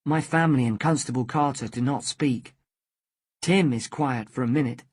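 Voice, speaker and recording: A storyteller reading a simple story slowly and carefully for beginner English learners. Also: medium pitch, no echo. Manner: slow, careful, clearly spaced. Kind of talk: slow scripted story narration for learners.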